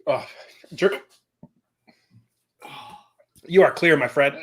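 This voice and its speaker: Casual co-host, man, bright and a bit high, groans and gasps through a spicy challenge on a video call. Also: very slow. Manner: groaning, gasping through a hot-sauce challenge. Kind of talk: casual chat.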